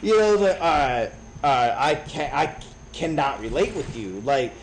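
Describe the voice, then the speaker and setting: Animated, swearing man in his thirties. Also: mid-range voice, normal speed, a little hiss or hum, poor audio. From Chicago. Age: 30s. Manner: profane, animated storytelling. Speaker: streamer. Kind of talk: casual rant while gaming.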